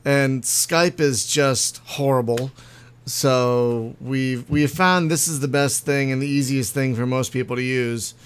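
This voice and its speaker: A man's voice: mid-range voice, fairly even intonation, slow, clear, resonant tone. A man hosting a podcast in casual chat, talking freely and laughing often over an online voice call. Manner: chatty, laughs often, apologetic. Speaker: podcast host.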